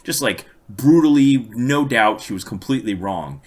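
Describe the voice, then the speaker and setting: A man's voice: medium pitch, lively intonation, moderate pace. A man co-hosting a podcast, casually telling long stories with dry amusement. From United States. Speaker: podcast co-host. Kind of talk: casual chat, storytelling.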